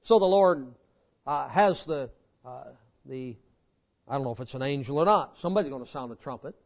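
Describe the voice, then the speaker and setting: A man preaching a sermon in a folksy, animated storytelling manner. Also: mid-range voice, brisk. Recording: dull lo-fi sermon recording.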